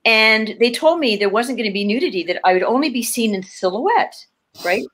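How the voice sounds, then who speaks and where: A woman's voice: fairly high pitch, moderate pace. A woman in her fifties, a guest actor from Canada, telling stories in a casual interview over a video call, laughing often and restarting her sentences. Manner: animated, laughing, many restarts.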